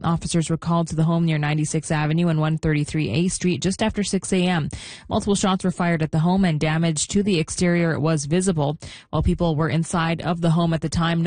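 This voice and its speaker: Lady reading radio headlines, lowish voice, dry studio sound. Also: no room sound. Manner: steady, measured news delivery. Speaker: newsreader.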